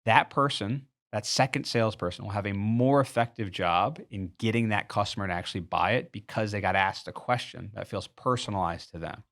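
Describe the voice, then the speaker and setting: A man with a somewhat low voice delivers a sales training talk. He is earnest and instructive, building his case through a step-by-step everyday example. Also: brisk, few pauses, a bit bright. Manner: earnest, explains through a walked-through store example. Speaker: sales coach.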